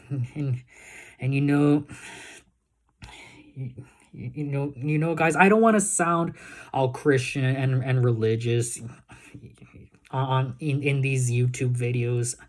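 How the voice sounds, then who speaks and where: A young man vlogging straight to his viewers in a loose, unscripted way. His speech halts and stumbles, with doubled words and frequent restarts, and he keeps asking the audience if they follow him. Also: medium pitch. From Texas. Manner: halting, many repeated words and restarts; keeps asking "you know what I'm saying, guys?". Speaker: YouTube vlogger. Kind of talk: casual vlog talk to viewers.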